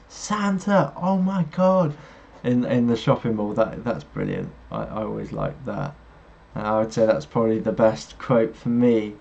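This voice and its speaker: Casually responding to viewer messages he reads aloud, a livestream host speaks in a mid-range, somewhat mellow voice. Faint music plays behind the slightly dull recording.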